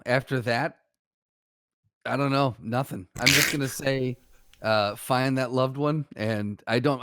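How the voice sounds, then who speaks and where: A man co-hosting a casual podcast, relaxed and listing off where to find the show. His voice sits in a middle pitch and sounds dry and close to the mic. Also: no echo. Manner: relaxed, runs through plugs in a list. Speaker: podcast co-host.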